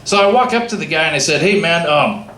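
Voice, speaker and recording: A man doing a stand-up comedy set, telling a story with lively acted-out dialogue. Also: fairly high pitch, fast. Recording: echoey room with faint ambient noise.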